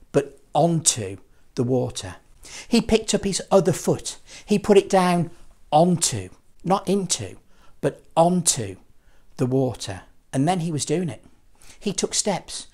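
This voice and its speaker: A man telling a Bible story to children in a playful, dramatic way. His voice is very lively, rising high and dropping low as the story goes. He sounds like a children's ministry puppeteer. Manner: playful, dramatic, with lots of vocal swings.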